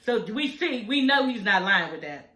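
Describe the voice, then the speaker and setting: Animated, slangy woman with a bright voice. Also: medium pitch, moderate pace, echoey room, poor audio. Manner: animated, slangy, swears freely, acts out quoted lines. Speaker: reality TV recap vlogger. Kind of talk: casual recap commentary.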